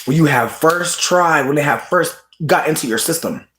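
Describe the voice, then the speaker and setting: Casual livestream host, mid-pitched, profane and animated, swings into squealing laughter, echoey room. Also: moderate pace. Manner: animated, profane, bursts into high laughing shouts. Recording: roomy echo.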